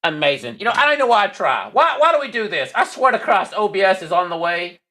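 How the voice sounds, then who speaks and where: A man hosting a live-stream podcast, loud and exasperated, swearing and swinging between shouts and low mutters. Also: sing-song, quick pace. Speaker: livestream podcast host.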